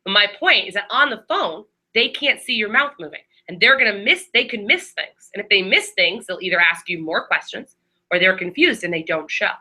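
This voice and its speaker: Fast-talking bright-voiced woman trainer. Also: mid-range voice, expressive, poor audio. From Maryland. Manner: quick, chatty, many fillers and restarts. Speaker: receptionist trainer. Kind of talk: training talk to a class. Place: training room with a group.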